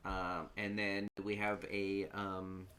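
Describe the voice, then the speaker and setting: A man's voice: low-pitched, little pitch movement, takes it slowly, a bit bright. A man in his thirties hosting a casual live stream, rambling with many fillers and laughing easily. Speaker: host.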